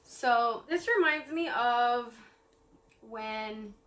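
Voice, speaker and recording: Bubbly young woman rambling to her viewers, slow easy pace, bright tone. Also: on the high side. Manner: bubbly, rambling with many fillers. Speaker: vlogger. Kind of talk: casual vlog chat.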